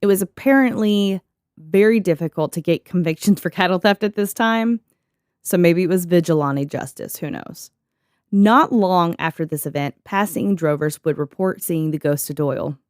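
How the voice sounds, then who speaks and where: A woman's voice: on the low side, moderate pace, a little mellow, dry recording, studio quality. A young woman co-hosting a podcast in a casual, joking way, reading from notes and laughing often. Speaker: podcast co-host.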